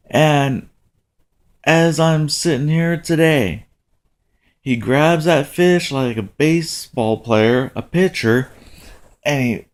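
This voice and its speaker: A middle-aged man telling a casual story about taking his kids fishing, with a relaxed delivery that jumps up in pitch for quoted lines. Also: slow pace. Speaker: father telling a family story.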